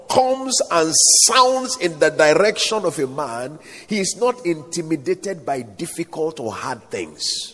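A man preaching with a high, lively voice that rises and falls as he quotes scripture. His voice is a little husky. He calls on the congregation to answer amen, and the sound rings on in a big reverberant hall. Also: measured pace, hardly any pauses. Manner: preaching with calls for amen and King James quotations. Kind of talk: sermon.

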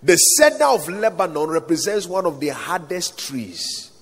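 Animated high-voiced preacher in a hall. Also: male voice, unhurried, breathy edge, soft background music. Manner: preaching with calls for amen and King James quotations. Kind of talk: sermon.

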